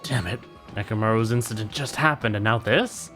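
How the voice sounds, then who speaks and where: A man's voice: on the low side, a little fast, music in the background. A man streaming a video game, reading the dialogue aloud in playful voices and joking in between. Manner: animated, jokey, reads characters' lines in put-on voices.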